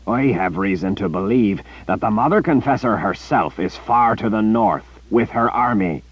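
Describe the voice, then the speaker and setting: A man reading an audiobook, voicing a menacing male emperor who speaks through a young soldier, deep and gravelly, slow and threatening. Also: expressive, dry recording, highs cut off.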